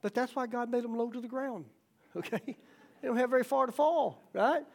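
A man's voice: extremely high pitch, moderate pace, vocal fry. A middle-aged male pastor giving a folksy, joking sermon, checking in with "okay?" and "right?" and acting out the voices in his stories. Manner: acts out quoted voices in stories.

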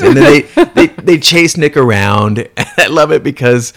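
A man's voice: medium pitch, a little fast, hardly any pauses. A man chatting casually about a film, acting out scenes and swearing freely as he stumbles over his words. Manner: animated, acts out scenes in put-on voices.

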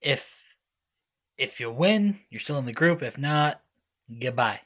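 A man co-hosting a wrestling podcast, agreeing and adding comments with halting restarts. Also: mid-range voice, lively intonation, fairly bright tone, highs cut off. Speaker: podcast co-host. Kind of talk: casual wrestling chat.

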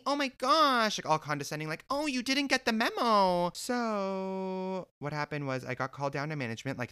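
Young man, sassy storytime, bright edgy voice, middle pitch, swears a lot. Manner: animated, sassy, profane and expressive. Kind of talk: storytime vlog.

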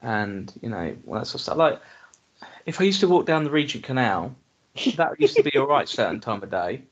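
A man's voice: mid-range voice, big pitch swings, a little fast, lo-fi sound. An English man co-hosting a podcast in casual chat, blunt and grumbling, swearing freely as he talks. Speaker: podcast co-host.

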